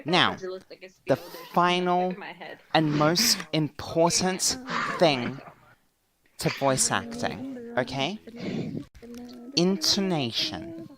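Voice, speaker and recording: A young woman teaching a casual voice acting class, explaining slowly and deliberately and demonstrating voices along the way. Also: sits low, very animated, crowd noise, low-quality recording. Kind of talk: casual class lecture in a virtual world.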